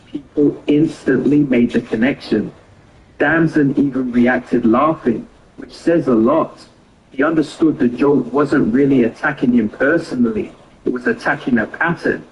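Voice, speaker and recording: A man reading scripted commentary in an even, explanatory voice-over. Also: mid-range voice, lo-fi sound, a little hiss or hum. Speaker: commentary narrator.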